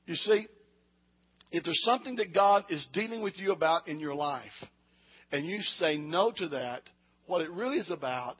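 Husky man preaching with passion. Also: on the high side, moderate pace. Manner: passionate, swings from loud to hushed. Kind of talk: sermon. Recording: dull lo-fi sound.

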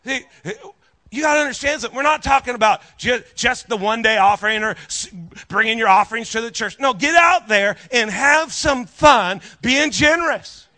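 A man's voice: extremely high pitch, animated, normal speed, pushed and bright. A male pastor preaching a sermon, telling a story with animation and calling out to the congregation.

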